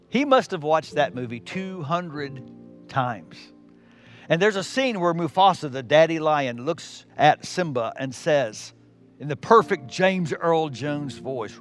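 A middle-aged man preaching a sermon as pastor, swinging from loud emphasis down to a near whisper. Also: fairly high pitch.

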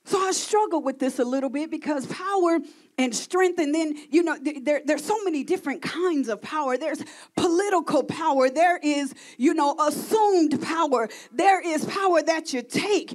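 A woman preaching a sermon to a congregation, calling out to the crowd and building to shouts. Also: sits high, moderate pace. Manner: call-and-response preaching, rising to shouting.

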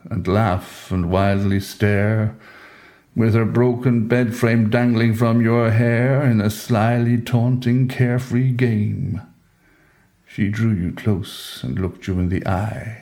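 A man narrating a poetic story with a measured, solemn delivery. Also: fairly low pitch, fairly even intonation, warm tone.

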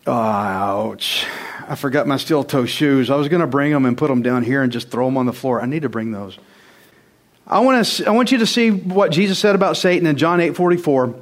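Pastor guy preaching, fairly high voice, punchy, talks right at the crowd with lots of questions. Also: animated, fast. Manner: emphatic preaching with rhetorical questions; conversational, direct address to the congregation. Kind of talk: sermon.

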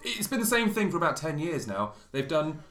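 A man's voice: fairly high pitch, very animated, fairly quick, fairly bright tone. A man co-hosting a podcast, chatting casually and ranting with laughs. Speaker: podcast co-host. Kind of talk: casual chat. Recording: echoey room with faint music.

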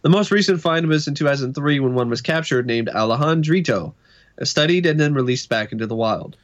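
A man's voice: fairly high pitch, expressive, a little fast, dull audio. A man co-hosting a casual talk show, reading facts aloud and dropping in dry jokes. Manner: dry jokey asides while reading. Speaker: podcast co-host. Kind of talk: reading a list aloud with asides.

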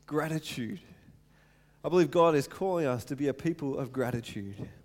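Lively male pastor preaching. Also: fairly high pitch, moderate pace. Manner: animated, repeats words for emphasis. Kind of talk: sermon. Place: church hall.

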